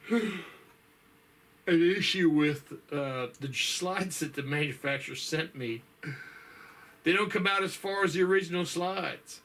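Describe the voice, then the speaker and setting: A man's voice: a little high, fairly bright tone. A man chatting casually to his viewers in a folksy, rambling way, tired and yawning, with lots of fillers and sighs. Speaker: vlogger. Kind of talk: casual chat.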